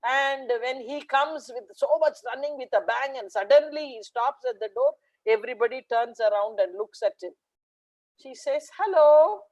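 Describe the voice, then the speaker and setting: Animated woman telling a story. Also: fairly high pitch, normal speed, hardly any pauses, poor audio. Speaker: guest speaker, math educator. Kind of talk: storytelling webinar talk. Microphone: video call.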